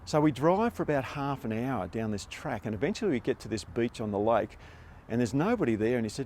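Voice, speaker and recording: An older Australian man spins a yarn in a relaxed, wry, conversational way. His voice sits at an ordinary middle pitch, and faint noise hums behind him. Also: a little fast. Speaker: storyteller. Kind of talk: casual spoken storytelling.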